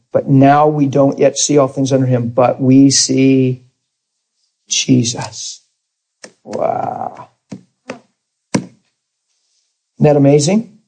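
A man preaching, his voice a little husky and breathy. He tells a story and acts out the dialogue, lifting his voice for the other man's lines. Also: medium pitch. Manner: animated storyteller acting out dialogue. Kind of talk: sermon with storytelling.

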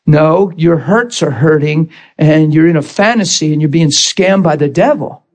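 A man with a notably high voice preaches with dramatic intensity. He retells a story in vivid bursts, leaning hard on key words. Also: normal speed. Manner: emphatic, dramatic retelling with sudden loud bursts. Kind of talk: sermon storytelling.

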